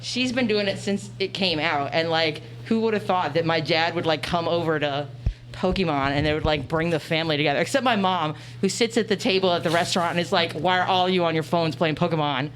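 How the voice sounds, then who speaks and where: A woman's voice: lowish voice, a little fast, a bit bright, slight background noise. A young woman at a convention panel, chatting casually into a handheld mic and filling her story with "like". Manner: chatty, heavy use of "like". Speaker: audience member at a panel.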